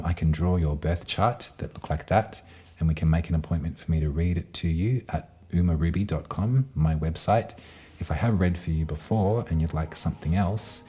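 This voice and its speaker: A man giving a gentle, meandering tarot and astrology reading to his viewers. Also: a bass voice. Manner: gentle, meandering, with frequent fillers. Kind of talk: casual tarot reading to camera.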